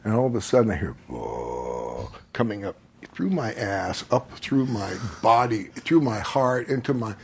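A man telling a long personal story in casual chat, rambling and animated, often laughing as he talks. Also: medium pitch, moderate pace, creaky, a little hiss or hum.

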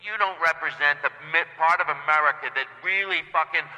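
A man's voice: fairly high pitch, brisk, sharp tone, pitched below the performer's own voice, rough recording. Man doing a brash foul-mouthed mayor. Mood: insulting. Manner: insulting, blustering, speechmaking.

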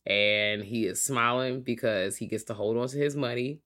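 A podcast co-host reviewing horror films, excitable and talking in quick bursts. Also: medium pitch. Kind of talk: casual movie review chat.

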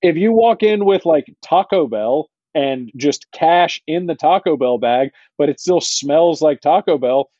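A man co-hosting a sports podcast, talking casually and haltingly with many restarts. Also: fairly high pitch, expressive, dark tone, husky, no echo. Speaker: podcast co-host. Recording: dry, dull lo-fi mic.

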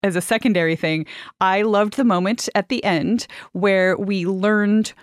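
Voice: medium pitch, steady tone, measured pace, no room sound, studio quality. A podcast panelist in casual chat, enthusiastic and playful, building up to punchlines.

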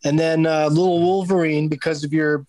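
A man hosts a podcast in easy, casual chat. He rambles and hesitates, leaning on fillers as he thinks aloud. His voice sits a little high for a man, and the recording is close and dry with no room sound. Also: little pitch movement, moderate pace, darkish tone, dry recording. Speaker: podcast host.

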